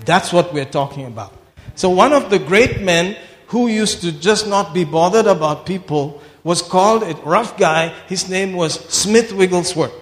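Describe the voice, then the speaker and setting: A man with a high-pitched voice preaches at normal speed, swinging between low asides and shouted declarations. A long reverb rings around him in a large hall.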